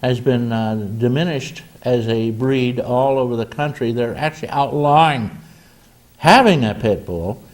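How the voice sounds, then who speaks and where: A man's voice: mid-range voice, a little slow. An older man hosting a community call-in talk show, chatting in a joking, folksy way with frequent restarts. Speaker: host.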